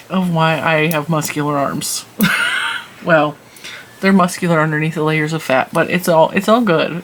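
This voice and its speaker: Gravelly-voiced chatty yarn vlogger woman. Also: low voice, steady tone, unhurried, pauses often, a little hiss or hum, low-quality recording. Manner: chatty, rambling, laughs at herself. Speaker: knitting and crochet channel host. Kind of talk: casual yarn review while knitting.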